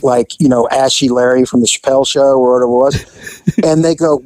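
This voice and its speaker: A man, a former police officer, telling a profane anecdote in an animated, casual way. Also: mid-range voice, brisk, no echo, low-quality recording. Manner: animated, profane, laughing at own story.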